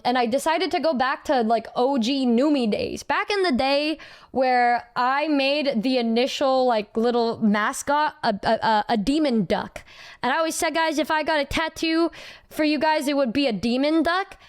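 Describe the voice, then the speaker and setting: Bubbly high-voiced woman streamer. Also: normal speed, clear, resonant tone. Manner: bubbly, rambling, many repeated words. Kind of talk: casual chat with stream viewers.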